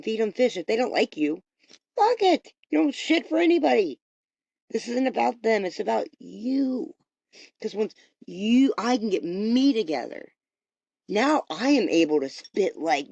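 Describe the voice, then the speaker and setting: A woman's voice: fairly low pitch, gravelly, darkish tone, no echo. A woman hosting a podcast, giving a rambling, profane, motivational spiritual pep talk. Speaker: podcast host. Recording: dull lo-fi recording.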